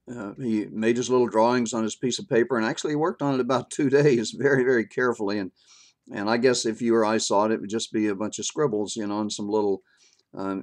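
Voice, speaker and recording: An older man with a low voice talks through his opinion in a homespun video monologue. He speaks haltingly, stopping on filler words and restarting his sentences, and chuckles now and then. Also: a little mellow. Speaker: vlogger sharing his opinion.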